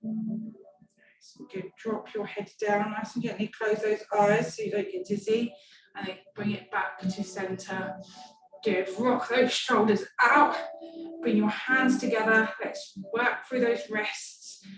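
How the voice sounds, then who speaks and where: A woman's voice: mid-range voice, expressive, a little slow. A woman leading a stretch class, giving playful, encouraging cues. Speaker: fitness instructor. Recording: echoey room, far from mic, music behind. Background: background music.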